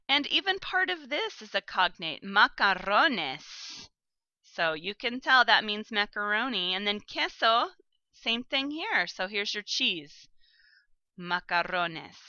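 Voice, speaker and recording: A woman teaches a recorded vocabulary lesson, sounding out each word slowly and with care. Her voice is bright and smooth. The recording is close and dry, with a slightly muffled tone. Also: mid-range voice, no echo. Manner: slow, careful pronunciation of vocabulary. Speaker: language teacher.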